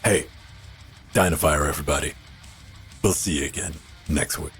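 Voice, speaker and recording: A man's voice: a bass voice, moderate pace, gravelly, a bit bright, soft background music. A man hosting a live podcast, joking around in a crude, profane way. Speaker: podcast host. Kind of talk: casual live podcast banter.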